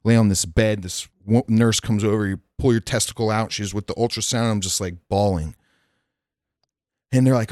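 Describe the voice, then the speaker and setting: Low-voiced man telling a frank story. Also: fairly even intonation, moderate pace, a little mellow, no room sound, clean studio sound. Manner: frank, rambling, swears freely. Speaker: podcast guest. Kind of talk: candid personal storytelling in casual chat. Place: Nashville.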